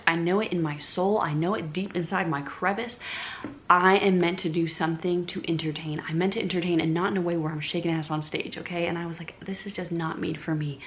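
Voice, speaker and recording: A young woman telling a casual storytime vlog, animated and profane, often talking straight to her viewers. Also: lowish voice. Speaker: vlogger.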